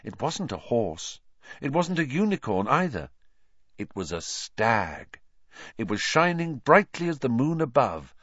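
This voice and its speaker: A male audiobook narrator reads a fantasy novel with a lively, animated delivery and dramatic pauses. The sound is dry and close, slightly dull and lo-fi. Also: mid-range voice, breathy edge, no echo.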